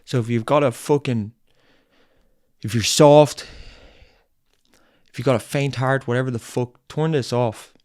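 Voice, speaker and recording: A man's voice: mid-range voice, steady tone, a little slow, pauses often, a little mellow, no echo. Angry swearing man ranting into a dry mic. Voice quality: blunt, heavy swearing, repetitive. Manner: angry, lecturing, emphatic. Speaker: podcast host. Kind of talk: confrontational tough-love monologue.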